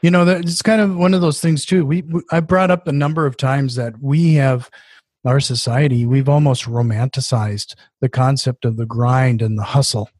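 A man hosts a podcast in a casual interview and reflects thoughtfully on what his guest has said. His voice sits at a middle pitch, and the sound is dry. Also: steady tone, normal speed, a little mellow, no room sound. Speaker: podcast host.

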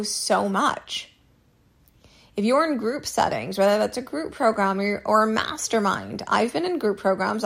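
Woman host, solo advice podcast, casual and candid, some cursing. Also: mid-range voice. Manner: candid, repeats herself, mild swearing.

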